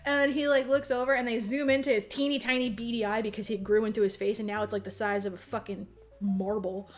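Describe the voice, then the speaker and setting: A woman's voice: a little high, fairly even intonation, fast talker. A woman podcast host recapping a movie in casual, rambling, profane chat full of fillers. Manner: rambling, swears a lot, heavy fillers.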